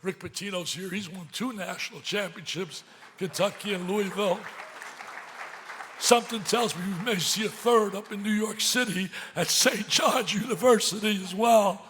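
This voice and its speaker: A man's voice: high-pitched, moderate pace, a faint crowd, a little hiss or hum. Emphatic older man in echoing hall. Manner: emphatic, swings from loud excitement to hushed pleading. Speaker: speaker at a charity gala. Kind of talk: emotional gala speech. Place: large banquet hall. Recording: reverberant banquet hall.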